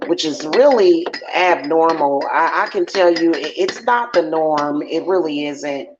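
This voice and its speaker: Low-voiced chatty woman tarot reader. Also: unhurried, highs cut off, background noise. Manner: blunt and chatty. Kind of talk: casual livestream chat.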